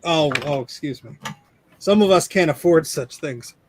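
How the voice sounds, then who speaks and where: A man co-hosting a casual video-call chat, trading sarcastic banter and quick quips. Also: fairly high pitch, lively intonation, a little hiss or hum.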